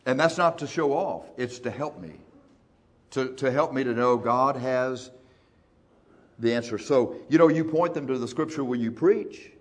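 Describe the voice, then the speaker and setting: A male pastor preaching in a church, folksy and emphatic, speeding up and slowing down for effect. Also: mid-range voice. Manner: folksy, emphatic, shifting between fast and slow. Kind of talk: sermon.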